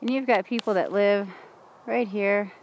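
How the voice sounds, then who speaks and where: A woman's voice: mid-range voice, fairly even intonation, unhurried, darkish tone, a little hiss or hum, poor audio. Woman chatting on a cold outdoor walk. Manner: chatty, narrating to camera. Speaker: paranormal investigator filming a site visit. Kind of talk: casual chat while exploring. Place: outdoors at an old camp in cold weather.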